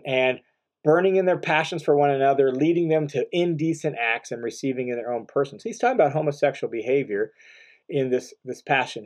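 A man teaching verse by verse through a Bible passage in an earnest, explanatory way, slowing down to stress key phrases. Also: fairly high pitch, darkish tone.

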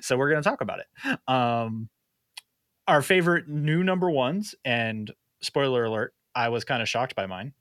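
A man's voice: medium pitch, expressive, moderate pace, a bit bright, dry recording, clean studio sound. Playful laughing man hosting a podcast. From Canada. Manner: playful, self-deprecating, laughs often. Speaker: podcast host. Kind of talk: casual podcast chat.

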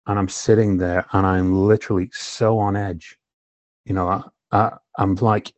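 A man's voice: deep voice, flat delivery, normal speed, darkish tone, no room sound. A filmmaker guest telling his own story candidly and emotionally, swearing often and leaning on "you know". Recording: slightly dull lo-fi recording.

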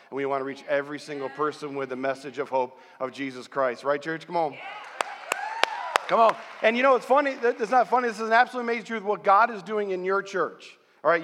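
A middle-aged man from central New York preaching a sermon as pastor, telling stories in an animated way and rallying the congregation. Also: on the high side, noisy background. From central New York, USA. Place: large church hall. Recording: long hall reverb.

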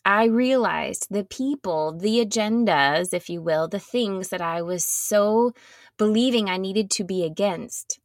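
A woman giving a reflective, earnest sermon, sometimes dropping to a soft near-whisper. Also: mid-range voice, a little slow, no echo, studio quality. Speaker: speaker giving a devotional talk.

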